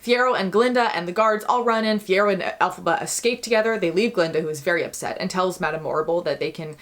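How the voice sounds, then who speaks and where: Fast, wry woman with a fairly low voice, casual chatty recapping. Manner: wry, quick, mimics characters in quoted asides. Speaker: video essayist.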